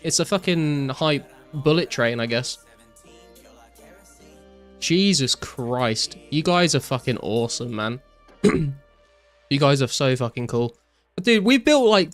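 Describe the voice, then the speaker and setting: A young British man live-streaming a game, casually chatting and excitedly thanking viewers, swearing often. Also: medium pitch, a little slow, pauses often, soft background music. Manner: excitable, swears a lot, thanks donors profusely.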